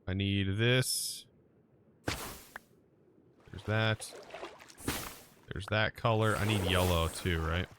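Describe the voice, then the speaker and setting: A man's voice: deep voice, drawn-out words, long pauses, noisy background. A man streaming a modded block-building game, chatting casually with his viewers and muttering to himself as he plays. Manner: chatty, talks to chat while playing, muttering lists to himself. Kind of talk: casual live-stream chat.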